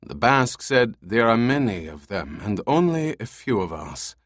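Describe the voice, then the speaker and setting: A man voicing a grave fighter in an audiobook, solemn and measured. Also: on the low side, big pitch swings, fairly bright tone, no echo, studio quality. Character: grave man from the Basque crew. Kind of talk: audiobook character voice.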